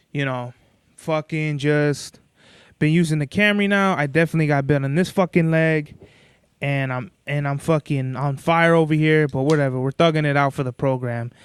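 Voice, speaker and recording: A man's voice: a little high, clean tone, no room sound, studio quality. A young man hosting a solo podcast, telling rambling stories in a laid-back, profanity-heavy way. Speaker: podcast host. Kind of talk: casual solo podcast monologue.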